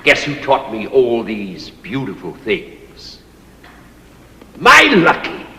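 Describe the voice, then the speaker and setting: A man's voice: medium pitch, very animated, slow pace, sharp tone, heavily acted. A stage actor playing a pompous, overbearing old man who rules a servant, declaiming grandly. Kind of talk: stage play performance. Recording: echoey stage hall recording.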